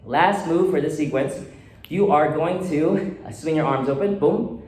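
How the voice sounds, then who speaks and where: A man's voice: on the high side, unhurried, darkish tone. A man teaching dance choreography, counting beats and calling out steps in rhythm. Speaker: dance instructor. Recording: echoey room with faint noise.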